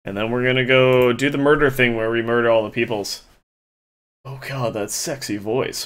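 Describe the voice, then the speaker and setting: A man streaming a game at a middle pitch. He jokes loosely with his friend and his chat while he plays, in a casual, offhand way. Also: steady tone, moderate pace, pushed and bright. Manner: joking, loose, talks to chat while playing.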